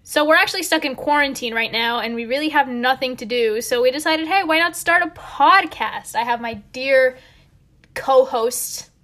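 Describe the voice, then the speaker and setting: Over a phone call, a teen girl from Colombia hosts a laid-back podcast chat, her high voice fairly bright and her pace moderate. She's playful and theatrical as she tells exaggerated tales.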